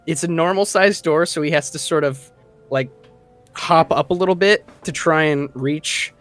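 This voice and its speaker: A man's voice: a little high, moderate pace, a bit bright, dry recording, faint music behind. A man narrating a tabletop game as game master, casual and rambling with many fillers.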